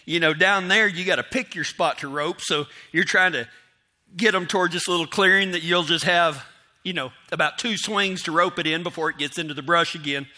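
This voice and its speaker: Man, higher-pitched, very bright tone; rambling self-mocking storyteller who plays out his own inner voice. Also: fairly quick. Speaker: storyteller speaking to an audience. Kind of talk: casual storytelling.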